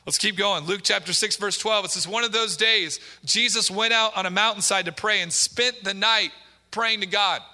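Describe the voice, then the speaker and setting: A male pastor in full sermon mode, preaching with emphasis and repetition and firing questions at the congregation. His voice sits high and sounds very bright and forceful. Long church reverb trails behind every phrase. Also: normal speed. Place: church sanctuary.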